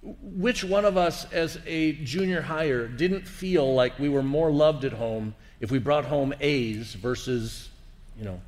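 Reflective male teacher with long reverb. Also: mid-range voice. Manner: warm, reflective, asks the listener questions. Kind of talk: teaching talk on faith.

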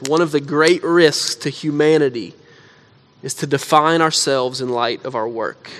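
A man's voice: on the high side, unhurried, a bit bright. Conversational man preaching a sermon. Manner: conversational storytelling with frequent "like". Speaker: pastor.

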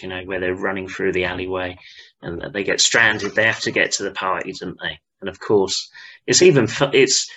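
A man co-hosting a casual chat, talking in an easy way with lots of tag questions and quick laughs. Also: lowish voice, pushed and bright, dull audio. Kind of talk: casual chat about a sitcom.

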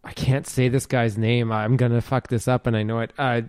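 A man's voice: mid-range voice, flat delivery, fairly quick, darkish tone, smooth, no room sound, studio quality. A man in his forties hosting a podcast, chatting casually about movies, rambling and full of fillers, with the odd swear. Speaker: podcast host.

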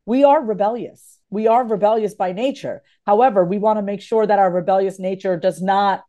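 A woman guest author talking in a podcast conversation, animated and emphatic, repeating phrases for emphasis. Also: medium pitch, brisk, highs cut off.

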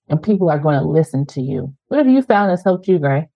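A woman's voice: sits low, big pitch swings, a little fast, vocal fry, hardly any pauses, mellow, dry recording, highs cut off. A woman co-hosting a podcast, coaching listeners on how to speak up in meetings with earnest rhetorical questions. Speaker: podcast co-host. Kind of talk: conversational advice podcast.

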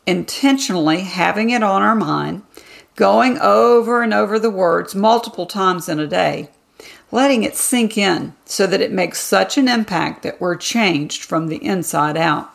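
A woman reads a scripted devotional teaching as the show's host, calm and measured, leaning on key words. Her mid-pitched voice carries a strong, constant gravelly fry.

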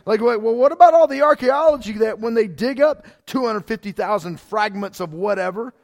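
High-voiced pastor preaching casually. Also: male voice. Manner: conversational, repeats words, lots of "man" and "like". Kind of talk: sermon.

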